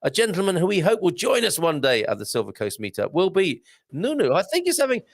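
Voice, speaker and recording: A man hosting a live stream, chatting and reading out viewer comments with lively exclamations. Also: high voice, fairly quick, no room sound. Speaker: host.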